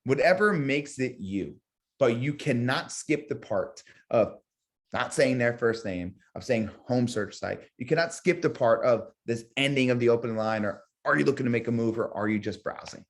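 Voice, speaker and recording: A man teaching real estate agents in a live webinar, energetic, repeating key phrases and acting out sample sales calls. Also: mid-range voice, normal speed.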